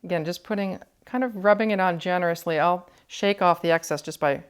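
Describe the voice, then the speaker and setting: Calm woman demonstrating cookie decorating. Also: lowish voice, brisk, clear, resonant tone. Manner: calm, explanatory, thinking aloud while working. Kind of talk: step-by-step demonstration.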